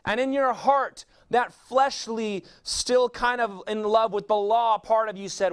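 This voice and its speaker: A man's voice: sits high, steady tone, unhurried, few pauses, fairly bright tone, clear, resonant tone. A man preaching a sermon as a pastor, asking rhetorical questions and answering them himself.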